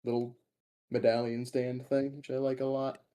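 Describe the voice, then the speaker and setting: Here a young Minnesotan podcast co-host, who is also a tournament player, talks at a moderate pace. His voice sits in the mid range, mellow and level in tone, while he rambles through casual stories and laughs a lot.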